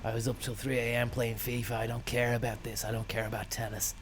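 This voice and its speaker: A man's voice: mid-range voice, level tone, fast talker, slight background noise, close to an everyday voice. A man doing a put-on for a brash, sulky young male tennis star who talks slangy and drawn out.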